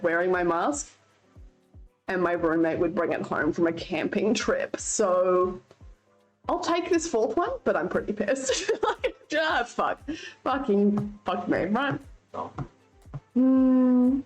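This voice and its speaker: A woman's voice: mid-range voice, darkish tone. A young Australian woman streaming, chatting casually with her viewers, swearing freely and laughing often. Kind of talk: casual chat with live chat.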